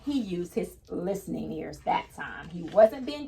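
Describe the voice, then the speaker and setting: A woman's voice: lowish voice, lively intonation, moderate pace, gravelly, few pauses, warm tone. A woman reading a picture book aloud to children, patiently stopping to explain each new word in simple terms. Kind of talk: children's read-aloud lesson.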